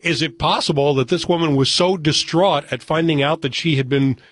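A man's voice: a little high, fairly even intonation, brisk. A man hosting a radio talk show, chatting casually in a wry way and reading news items aloud.

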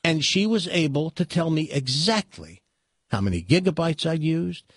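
A man, a talk show host, telling an exasperated story in a casual, animated way. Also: on the high side, moderate pace, breathy edge, no room sound.

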